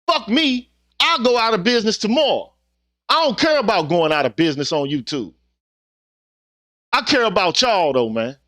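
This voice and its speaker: Speaking to his viewers at a moderate pace with long pauses, a middle-aged YouTuber gives a sing-song, impassioned, casual monologue that's earnest, preachy, and profane, tagging sentences with "man." His high voice has a fairly bright tone, recorded at studio quality without echo.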